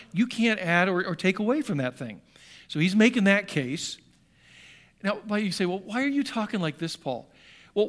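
A middle-aged man with a fairly high voice preaches to his congregation. He talks loosely, circling back and restarting his sentences, with wry asides as he works through the scripture. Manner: rambling and self-correcting, with wry asides. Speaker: pastor. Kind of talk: sermon.

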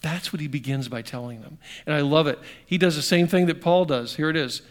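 A middle-aged man preaching a sermon conversationally, asking his congregation questions and swinging between emphatic bursts and quiet, slowed passages. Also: a little high. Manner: conversational, asks the audience questions. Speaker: pastor.

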